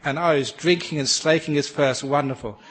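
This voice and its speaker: A man's voice: fairly high pitch, moderate pace, breathy edge. English man giving a humorous dharma talk. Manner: gentle, humorous storyteller who laughs at his own jokes. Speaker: Buddhist teacher.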